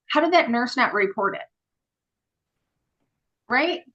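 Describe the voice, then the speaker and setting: A woman on a podcast recounting her work in casual, animated storytelling. Her voice is bright and forward, and she slips into quoted dialogue often, padding her talk with "um" and "like.". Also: fairly high pitch, takes it slowly, dull audio. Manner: animated, many fillers, acts out quoted dialogue. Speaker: podcast guest, former group home worker.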